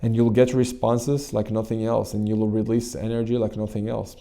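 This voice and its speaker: Low gravelly man, flat delivery. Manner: earnest, repetitive, halting restarts. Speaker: channel host and coach. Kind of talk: motivational talk with guided meditation.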